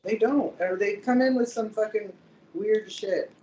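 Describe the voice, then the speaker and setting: A woman's voice: medium pitch, unhurried, dark tone. Enthusiastic young woman in a roomy space. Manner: enthusiastic, swears casually. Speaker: podcast co-host. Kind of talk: casual profane chat. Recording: roomy, dull, slight noise.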